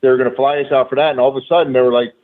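Male guest, casual profane storyteller, mid-pitched, heard through a tinny phone connection. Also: steady tone, very fast. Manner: loose, profane, with many fillers. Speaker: guest, former pro wrestler. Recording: tinny phone-line audio.

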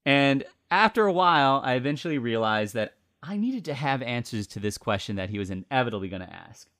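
A man's voice: mid-range voice, expressive, fast talker. A man hosting a faith podcast, telling a personal story in an earnest, reflective way. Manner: earnest, with fillers and restarts. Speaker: podcast host.

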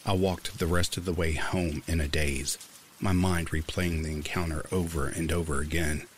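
A man narrating creepy true stories in a calm, steady storytelling manner. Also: rumbling low, moderate pace, slight background noise.

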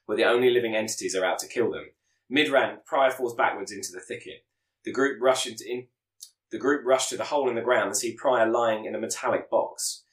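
A man reading out a scripted plot pitch as a podcast co-host, sometimes stumbling and correcting himself. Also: a bit bright, roomy sound, poor audio. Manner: reads with stumbles and self-corrections.

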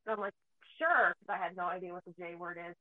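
A woman's voice: fairly low pitch, little pitch movement, racing, a little hiss or hum. A woman, a mother, chatting casually as a host and telling stories freely with plenty of swearing. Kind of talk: casual chat. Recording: tinny phone-like dry sound.

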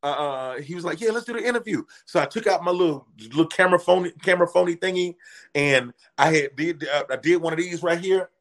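A man's voice: fairly high pitch, quick pace. A man, telling a story in casual chat and acting out the voices in his quotes. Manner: animated, acts out voices in quotes. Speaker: comedian guest telling a story.

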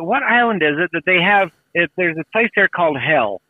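A man's voice: sits high, expressive, moderate pace, dry recording. A man telling rambling travel stories in casual chat, swearing freely and acting out what people said. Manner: rambling storyteller, swears freely, acts out quotes. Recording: tinny phone-like sound.

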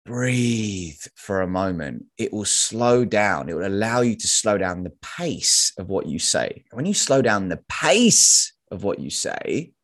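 A man, a sales consultant as podcast guest, telling animated stories in casual talk and acting out quoted lines. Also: lowish voice, unhurried, hardly any pauses. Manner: animated storytelling, acts out quotes; casual slang. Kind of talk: podcast interview.

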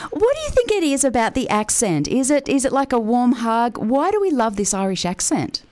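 A woman hosting a morning radio show, bubbly and animated as she asks questions. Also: a little high, brisk. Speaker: radio host.

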